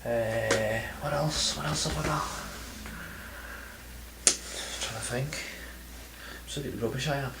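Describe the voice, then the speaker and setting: A man's voice: medium pitch, a little slow, vocal fry, pauses often, very noisy. A man chatting in a casual vlog, rambling and self-deprecating, with plenty of ums and restarts. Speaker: video game collector vlogger.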